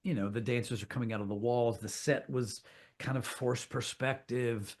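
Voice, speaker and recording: A middle-aged man with a Kentucky accent, talking as a guest on a podcast. He tells his stories with gusto and swears without a second thought. His voice sits at an ordinary pitch for a man. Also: moderate pace, slight background noise. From Kentucky, USA. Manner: animated storytelling with frequent swearing. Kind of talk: casual interview chat.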